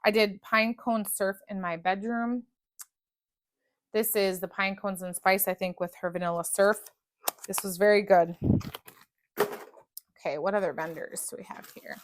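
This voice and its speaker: A woman's voice: medium pitch, fairly even intonation, a little slow, long pauses, slight background noise. Chatty woman gushing over wax melts. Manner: chatty, gushing, restarts often. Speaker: wax melt reviewer. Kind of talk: casual product review chat.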